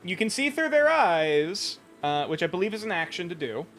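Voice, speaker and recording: A man running a tabletop game as game master, animated and sometimes hesitant as he checks rulings. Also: high-pitched, normal speed, faint music behind.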